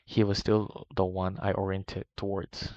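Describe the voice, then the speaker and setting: Male reader, deep and flat, steady document read-through, dry muffled lo-fi recording. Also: measured pace, dry recording. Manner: steady, even first-person reading. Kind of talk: reading a long document aloud.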